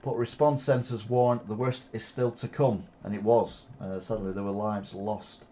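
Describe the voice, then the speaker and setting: A man reads news headlines and adds sarcastic, opinionated comments, pausing often with "uh". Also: on the low side, level tone, dark tone, a little hiss or hum. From England. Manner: sarcastic asides, frequent "uh" hesitations.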